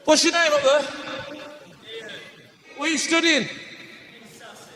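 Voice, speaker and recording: A man with a Northern English accent doing live stand-up comedy in a theatre, chatting with the audience and shouting his punchlines. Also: very high-pitched, measured pace, a faint crowd. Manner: animated, shouting punchlines, acting out voices. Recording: live theatre recording with faint room noise.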